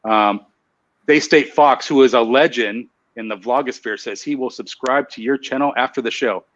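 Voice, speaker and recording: A man's voice: mid-range voice, moderate pace, fairly bright tone, dull audio. Chatty man hosting a live stream. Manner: chatty, laughs at himself, reads viewer comments. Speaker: host of a live show. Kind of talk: casual live-stream chat.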